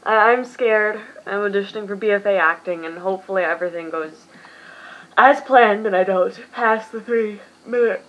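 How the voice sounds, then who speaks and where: A woman's voice: medium pitch, moderate pace, highs cut off. A tired young woman in her late teens from the US, rambling self-deprecatingly through a casual vlog as its host. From United States.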